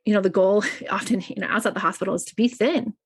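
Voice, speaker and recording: Female guest, chaplain, mid pitch, earnest storytelling, casual fillers. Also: fast talker, slightly rough. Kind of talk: personal conversation.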